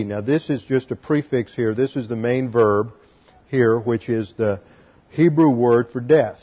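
A man's voice: medium pitch, moderate pace, slightly rough, highs cut off. A man teaching a sermon as pastor, explaining Hebrew grammar step by step and spelling out letters.

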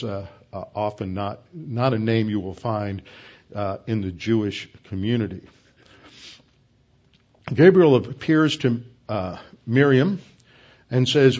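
Guy preaching a sermon, kinda low voice, slow careful explaining, muffled lo-fi recording. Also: darkish tone. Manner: measured, explanatory, slows to stress key words. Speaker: pastor. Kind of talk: expository sermon teaching.

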